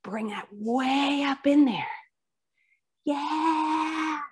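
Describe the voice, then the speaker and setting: A woman guides a yoga class in a slow, unhurried way, her voice sitting a little on the high side. She gives chatty, encouraging cues between breaths. As she moves through poses, her voice now and then drifts away from the mic. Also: lively intonation, a little mellow. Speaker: yoga instructor. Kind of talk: guiding a live yoga class.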